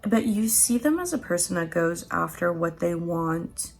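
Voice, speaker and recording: Woman, tarot reader, casual pick-a-card reading; raspy fry in the voice, giggly and playful, drops the odd swear. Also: lowish voice, lively intonation, a little slow, faint music behind. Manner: playful and chatty, laughs often, swears casually.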